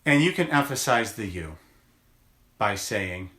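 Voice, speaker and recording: A man who works as a chiropractor gives a motivational daily video message, talking slowly and deliberately in gentle encouragement and drawing out words for emphasis. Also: lowish voice, expressive, reverberant.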